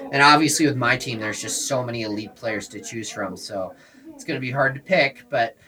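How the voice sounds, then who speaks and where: A man hosting a sports podcast, talking in a relaxed way as he steers the talk. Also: mid-range voice, fairly quick, crowd noise. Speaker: podcast host. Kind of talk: casual sports chat.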